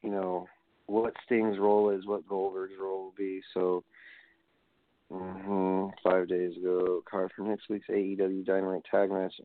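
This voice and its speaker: A man's voice: low voice, monotone, unhurried, no room sound. Guy rambling thru a wrestling recap, tinny phone-ish sound. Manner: rambling, reads results aloud and digresses. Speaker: wrestling podcast host. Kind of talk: casual solo show review.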